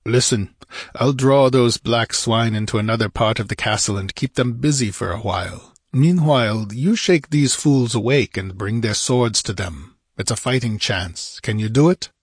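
A man voicing a fierce, brawny barbarian warrior who speaks in a low, urgent, commanding way. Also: normal speed, breathy edge, no room sound, studio quality.

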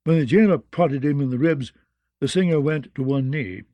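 A man narrating a fantasy audiobook in a measured, descriptive way, close to the mic. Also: fairly high pitch, no echo, muffled recording.

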